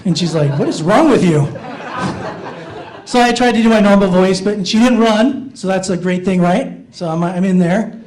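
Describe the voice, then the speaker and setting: A man with a high, light voice telling self-deprecating stories in a stand-up comedy set on a small theater stage. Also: normal speed, darkish tone, poor audio. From Iowa, USA. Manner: self-deprecating storytelling, jumps up in pitch for inner thoughts.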